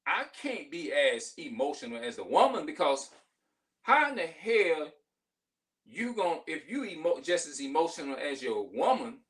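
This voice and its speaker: A man's voice: on the high side, big pitch swings, normal speed, a bit bright, far from the mic, low-quality recording. A man in his forties talking passionately to camera in a casual vlog monologue, emphatic, often restarting his sentences. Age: 40s. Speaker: vlogger.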